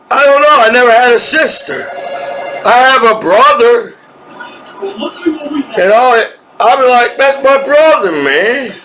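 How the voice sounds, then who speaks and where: Man, army veteran, very high pitch, bright tone, profane, laughs a lot. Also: low-quality recording. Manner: rambling, profane, laughs often between lines; repeats himself and restarts sentences. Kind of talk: casual rambling monologue.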